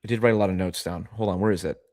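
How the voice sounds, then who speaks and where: A man's voice: sits low, fairly even intonation, rapid-fire, a little mellow. A man hosting a livestream in casual chat, rambling and often cutting himself off mid-sentence. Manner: rambling, self-interrupting, chatty. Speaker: livestream host.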